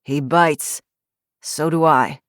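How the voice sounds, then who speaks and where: A woman voicing a grumpy retired male detective in his sixties, hoarse, with a Yooper twang and curt, suspicious speech. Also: on the high side, steady tone, slow, fairly bright tone, dry recording, studio quality. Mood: gruff. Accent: Yooper (Upper Michigan). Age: 60s.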